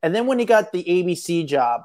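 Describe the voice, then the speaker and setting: A man's voice: high voice, sing-song, fairly quick, darkish tone. A man co-hosting a podcast, speaking bluntly in casual talk and repeating himself for emphasis. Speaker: podcast co-host. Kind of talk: casual chat.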